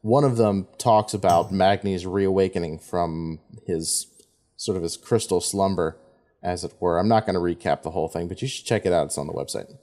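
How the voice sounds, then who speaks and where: A man's voice: low voice, normal speed, warm tone. A man giving offhand, rambling commentary over his gameplay, with fillers and asides. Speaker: gameplay video host. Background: game music.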